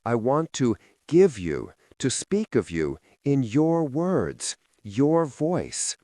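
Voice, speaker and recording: A man voicing a weary, tender young male mage who speaks quietly and gently, stumbling over foreign words. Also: mid-range voice, very animated, slow, no room sound, studio quality, voice pushed up.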